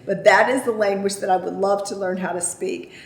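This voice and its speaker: A woman vlogger with a steady, creaky, medium-pitched voice talks fairly quickly as she answers viewer questions. Her manner is chatty and emphatic, full of "okay?" check-ins and repeated "I kid you not", recorded in an echoey room.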